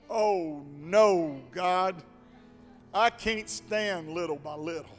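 A man with a high voice delivers a sermon in a church with a long echo. Faint organ music plays behind him. He swings between near-whispered passages and ringing, shouted calls. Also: slow. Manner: builds from quiet to shouting, sing-song preaching cadence. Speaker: preacher. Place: church sanctuary.

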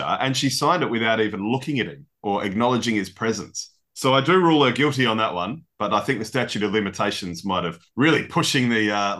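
A man co-hosting a casual sports podcast, chatty and quick to laugh, with mock-legal banter. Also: lowish voice, sharp tone. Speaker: podcast co-host.

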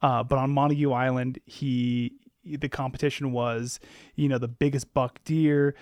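A man hosting an interview podcast, talking slowly and hesitantly as he searches for words. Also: mid-range voice, level tone, a little mellow, dry recording, studio quality. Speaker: podcast host.

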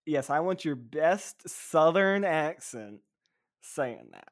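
A man's voice: on the high side, lively intonation, slow pace. A man co-hosting a casual podcast, talking eagerly with lots of fillers and restarts. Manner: enthusiastic, rambling with fillers. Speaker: podcast co-host. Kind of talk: casual chat.

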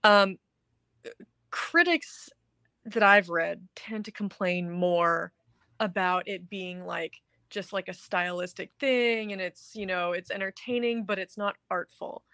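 A woman's voice: medium pitch, takes it slowly, sharp tone, no echo. A woman co-hosting a casual movie review chat, talking enthusiastically and rambling with lots of filler words. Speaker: podcast co-host.

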